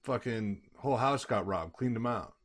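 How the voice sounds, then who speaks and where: A man breaking in with short, salty remarks during a laid-back chat. His pitch is middling, and a clear hiss of noise runs under his voice. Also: lively intonation, moderate pace. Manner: brief interjections, profane. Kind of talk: casual chat.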